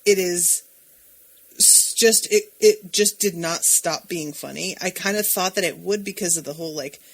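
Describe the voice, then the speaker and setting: A woman's voice: on the low side, normal speed, breathy edge. A woman co-hosting a casual podcast, sardonic and exasperated, swearing freely. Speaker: podcast co-host. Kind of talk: casual chat.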